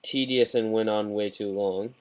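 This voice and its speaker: Speaking at a moderate pace with a voice on the low side, a man rambles through a model kit review, getting excited and repeatedly correcting himself mid-sentence. His webcam mic produces a low-quality recording.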